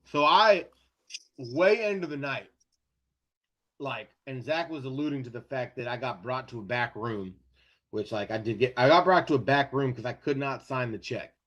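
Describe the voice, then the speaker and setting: A man co-hosting a sports podcast, telling a story in casual chat, animated and profane, often laughing as he goes. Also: mid-range voice, moderate pace, lo-fi sound. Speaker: podcast co-host.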